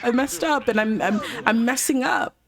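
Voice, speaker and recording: A woman's voice: on the high side, normal speed, voice pushed up, close to an everyday voice. A woman voicing Roman, a guilty young man in a life-sim game who dodges questions and turns defensive. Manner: evasive, defensive, sheepish.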